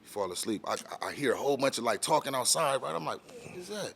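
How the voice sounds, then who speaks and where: A man from San Diego County, a rapper guest on a podcast, telling a long story quickly and acting out the voices of the people in it. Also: mid-range voice, lively intonation, vocal fry, fairly bright tone, a little hiss or hum. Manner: fast, rambling, acts out quoted voices. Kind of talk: storytelling in casual podcast chat.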